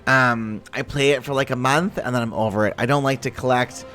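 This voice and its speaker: A man's voice: medium pitch, steady tone, brisk, pushed and bright, faint music behind. A man streaming a game live, chatting casually with viewers, greeting them and swearing freely.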